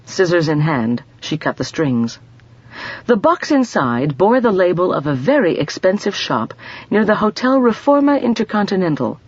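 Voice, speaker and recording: Woman, audiobook narration, husky, lively intonation, dry. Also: lowish voice, normal speed, no echo, highs cut off.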